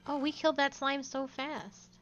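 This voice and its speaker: Woman VTuber, upper-pitched, playful casual commentary with read-aloud game text. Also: fairly even intonation, moderate pace, dull audio, background noise. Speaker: VTuber streamer.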